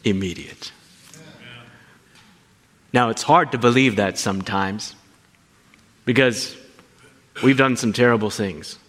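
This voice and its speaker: A man preaching a sermon, animated and asking his listeners questions as he teaches. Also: mid-range voice, measured pace, long pauses, long reverb tail. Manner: animated, asks the congregation questions. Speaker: pastor.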